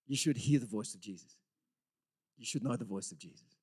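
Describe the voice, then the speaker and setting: A man's voice: fairly low pitch, normal speed, pauses often, breathy edge. Impassioned man preaching a sermon. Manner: dramatic swings from loud exclamations to hushed whispers; earnest, excitable preaching with frequent repeated words. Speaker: pastor.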